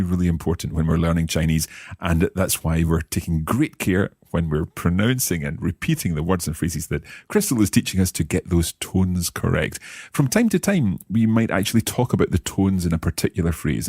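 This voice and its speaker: A man's voice: sits low, a little mellow, husky, no room sound, studio quality. A Scottish man co-hosting a beginner language lesson podcast as the learner, curious and repeating phrases after the teacher. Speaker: learner co-host.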